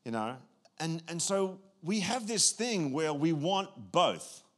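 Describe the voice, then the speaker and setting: High-pitched guy preaching, super animated, swings loud then hushed. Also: takes it slowly. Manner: animated, acts out quotes with big pitch swings. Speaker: pastor. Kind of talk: sermon.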